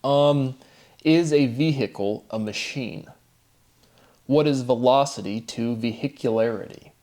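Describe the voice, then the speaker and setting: A man talking alone to camera, musing over word derivations, slowly repeating words and chuckling at himself. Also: medium pitch, darkish tone. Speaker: solo video host.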